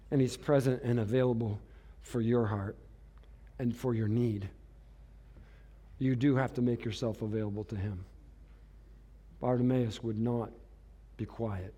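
A man preaching in church with a fairly high voice. He moves from quiet, close lines to loud, dramatic outbursts and laughs easily between points. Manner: dramatic, swings from hushed to shouting; laughs often. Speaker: pastor. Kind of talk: sermon.

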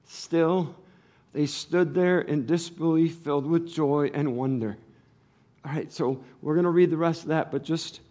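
Man preaching with a higher voice. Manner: storytelling, acts out the people in the passage; swings from low and quiet to loud and high. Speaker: pastor. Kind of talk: sermon.

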